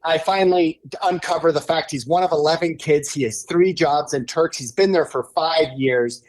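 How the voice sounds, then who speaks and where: A man guesting on a podcast, telling a story in an animated, excitable way as an author and speaker. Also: on the high side, normal speed. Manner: energetic and excitable, building up with enthusiasm. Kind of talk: animated storytelling in casual conversation.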